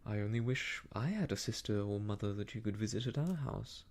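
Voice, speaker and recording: A man voicing an idle, uneasy young gentleman in a whispered role-play, hesitant and sheepish. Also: lowish voice, a little fast, close to an everyday voice.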